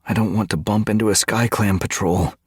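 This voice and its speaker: A man's voice: fairly low pitch, steady tone, a little fast, darkish tone, slightly rough, no echo, clean studio sound, voice pushed up. A man voicing an anxious young tomcat warrior. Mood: urgent. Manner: earnest, worried delivery. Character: young male warrior cat, anxious and guilty.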